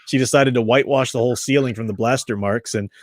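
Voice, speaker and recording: A man's voice: medium pitch, steady tone, fast, no room sound, clean studio sound. A man hosting a casual book discussion, talking in a rambling, chatty way with frequent restarts. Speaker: book study host.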